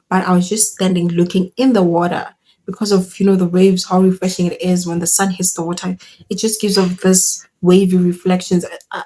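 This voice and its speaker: Brief: young woman, storytime vlog, animated and slangy, mellow husky voice. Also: on the low side. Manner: animated, exclaiming, slangy with local words mixed in. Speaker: vlogger telling a story.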